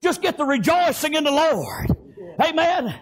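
An older pastor, preaching loudly and punctuating his sermon with frequent amens. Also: very high voice, animated, unhurried.

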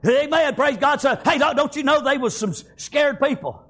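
Speaking at a normal speed with a very high pitch, a man delivers a fervent sermon, often bursting into shouts and repeating "amen" and "praise God."

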